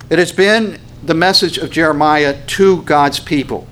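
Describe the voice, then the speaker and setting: A man's voice: a little high, moderate pace, hardly any pauses, a bit bright, slight background noise. A man preaching a sermon as a pastor, in a conversational storytelling manner with many fillers.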